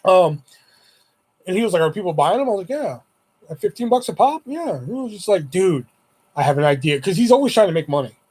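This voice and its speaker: Talking straight to his viewers, a man from around Houston tells a winding personal story, swearing freely and acting out his friends' lines mid-telling. His voice is a little high for a man, brisk and slightly mellow with a breathy edge, and it swings widely in pitch during this casual storytelling.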